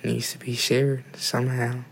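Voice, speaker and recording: A teenage boy who is a podcast guest, giving quiet, brief, hesitant answers. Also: mid-range voice, monotone, unhurried, creaky, husky, rough recording. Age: teens. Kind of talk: podcast conversation.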